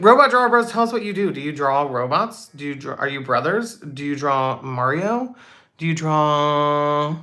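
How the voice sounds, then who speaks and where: A young woman hosting a casual livestream Q&A, reading out chat comments in a bubbly, chatty way with quick asides. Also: low-pitched, a bit bright. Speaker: livestream host.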